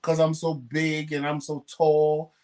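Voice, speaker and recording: A talk-show co-host chatting casually, telling stories with lively acted-out quotes and slangy speech. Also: mid-range voice, unhurried. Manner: animated storyteller acting out quotes. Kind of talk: casual chat.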